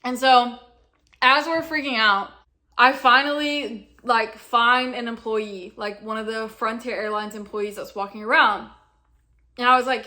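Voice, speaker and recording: Bright, chatty young woman telling a story. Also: a little high, steady tone, unhurried. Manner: chatty, fillers like "like" and "right?". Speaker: vlogger. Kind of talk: casual storytime.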